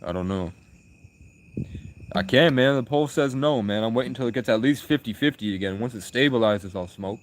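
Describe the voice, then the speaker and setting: A man's voice: medium pitch, brisk, a little hiss or hum. A young man live streaming, chatting with viewers in rambling, crude, provocative banter. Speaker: livestreamer.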